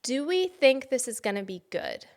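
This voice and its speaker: A woman's voice: high voice, very animated, moderate pace. A young woman co-hosting a podcast, reading pop culture headlines and joking in a casual chat. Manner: playful, jokey, reads headlines in a mock news-anchor voice. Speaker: podcast co-host.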